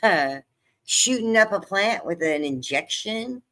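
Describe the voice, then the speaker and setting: Older woman, livestream host, bright forceful voice, chatty, emotional, laughs a lot. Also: mid-range voice, animated, slow pace. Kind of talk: casual live-stream chat.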